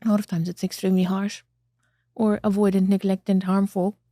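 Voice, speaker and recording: Mellow-voiced woman hosting an interview. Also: mid-range voice, flat delivery, a little fast, no room sound, clean studio sound. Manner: reflective, searching for words. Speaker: podcast host. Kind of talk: interview conversation.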